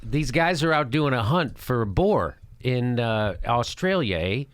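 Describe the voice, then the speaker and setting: A man's voice: mid-range voice, a little slow, clean tone, no room sound, studio quality. A middle-aged man hosting a show, chatting jokily and laughing as he comments on a video. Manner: jokey, animated, laughs often. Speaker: host. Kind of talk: casual comedic commentary.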